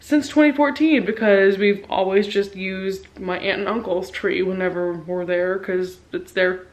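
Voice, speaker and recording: A woman in her twenties vlogging about books at home, chatty and gushing, quick to turn sentimental. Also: mid-range voice, fairly even intonation, low-quality recording. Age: 20s. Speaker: book vlogger. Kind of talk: casual chatty vlog.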